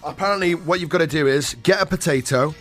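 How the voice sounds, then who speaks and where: A man's voice: on the high side, fast, a bit bright, faint music behind. Upbeat jokey male radio host. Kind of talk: breakfast radio chat.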